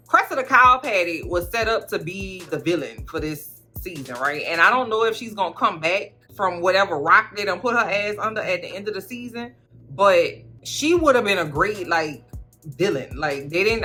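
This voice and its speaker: A woman chatting through a TV recap in a slangy, rambling, animated way. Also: lowish voice. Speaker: recap vlogger. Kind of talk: casual TV recap chat.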